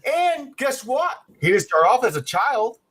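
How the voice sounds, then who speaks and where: A man's voice: very high voice, very animated, unhurried, fairly bright tone, a little hiss or hum. A man hosting a podcast, giving a heated, profane rant reviewing a movie. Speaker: podcast host.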